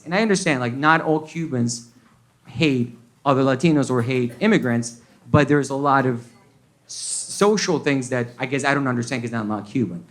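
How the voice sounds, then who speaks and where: A man from Colombia with a Colombian accent, doing a stand-up set that mixes English and Spanish and acts out the people in his stories. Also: medium pitch. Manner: switches between English and Spanish, acts out characters. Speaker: stand-up comedian. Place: comedy club stage with audience.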